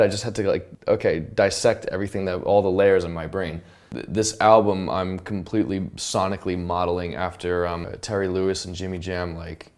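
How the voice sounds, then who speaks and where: A man, a songwriter and producer, casually talking through how he built a track, humming and scatting notes as he goes. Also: low-pitched. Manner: relaxed, chatty, filler-heavy, hums and scats notes. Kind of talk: casual studio breakdown. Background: music tracks playing.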